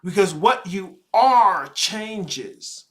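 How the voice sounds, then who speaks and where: A man hosting, giving slow, reflective commentary with sighs and pauses. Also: high voice, expressive. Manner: slow, deliberate, sighing pauses. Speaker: host commenting on a podcast clip.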